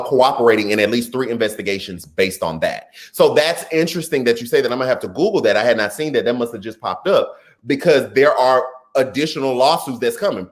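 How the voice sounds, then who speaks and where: A man with a Texas twang hosting a casual political livestream, chatting with viewers and stumbling over words now and then. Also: mid-range voice. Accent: Texan. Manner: chatty and animated, calls the audience y'all, stumbles over words. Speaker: political commentary livestream host. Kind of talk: casual livestream commentary, reading viewer comments.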